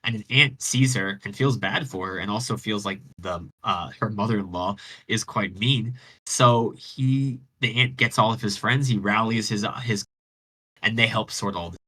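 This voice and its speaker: Husky man retelling a myth casually. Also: on the low side, normal speed, bright, forceful tone, rough recording. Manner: rambling, slangy, with many restarts. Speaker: radio show host. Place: online voice chat.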